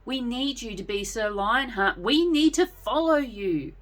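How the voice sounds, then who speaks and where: Friendly young knight, soothing and high, voiced by a woman narrator. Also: animated, measured pace. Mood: pleading. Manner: reassuring, pleading.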